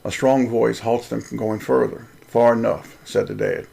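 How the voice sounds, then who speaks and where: A man's voice: lowish voice, fairly even intonation, normal speed, gravelly, mellow, husky. A man, host of a Christian video channel, reading aloud a story he wrote, in an earnest, preacherly way.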